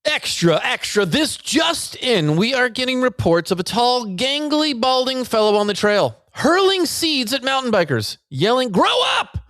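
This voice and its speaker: A man voicing a frantic old-time newsreel announcer, shouting breaking news in a raised, high voice. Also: sing-song, unhurried, few pauses, dry recording, exaggerated voice.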